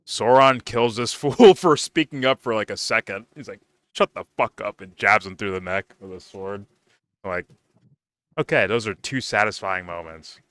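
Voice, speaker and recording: A man's voice: lowish voice, normal speed, a bit bright, no room sound, clean studio sound. A man giving a casual, profane TV review, rambling loosely with lots of "like" and restarts. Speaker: TV show reviewer.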